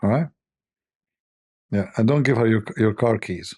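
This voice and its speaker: A man's voice: lowish voice, a little slow, darkish tone, no room sound, clean studio sound. A man hosting a joking commentary who rambles, mocks and thinks aloud into a desk microphone. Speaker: host.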